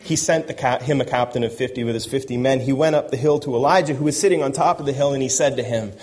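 A man's voice: medium pitch, quick pace, a little mellow. A man preaching a sermon who reads scripture aloud and breaks in with joking asides and chuckles. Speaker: pastor. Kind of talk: sermon with Bible reading.

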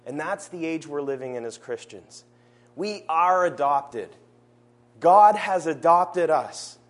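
Earnest preacher, a man with a higher voice. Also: animated. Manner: earnest, slows down to stress key phrases. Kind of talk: sermon.

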